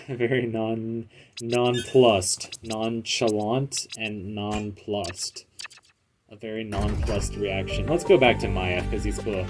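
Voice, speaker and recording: A man's voice: fairly low pitch, fairly even intonation, slow pace. A man hosting a casual let's play, rambling through gameplay commentary with self-mocking jokes. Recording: loud game music behind.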